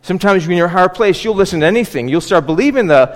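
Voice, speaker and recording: Brief: a male pastor, casual sermon delivery, slightly high voice, long hall reverb. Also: animated, fast. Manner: conversational, with frequent asides and "you know, right?". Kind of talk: expository sermon.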